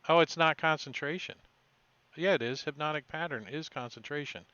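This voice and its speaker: A man with a bright, clear, smooth voice runs a tabletop game over voice chat, thinking out loud and restarting his sentences. The sound is dull and lo-fi. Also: fairly high pitch, dry recording. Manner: halting, thinks aloud with restarts. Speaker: game master. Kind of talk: casual tabletop game talk.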